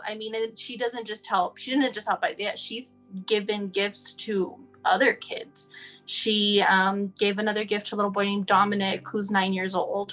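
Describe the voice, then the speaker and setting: Woman from Texas, interview guest, rambling and chatty, mid pitch, faint guitar under her. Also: a bit bright. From El Paso, Texas. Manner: rambling, chatty, many fillers. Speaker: guest, mother of a sick child. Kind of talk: casual interview.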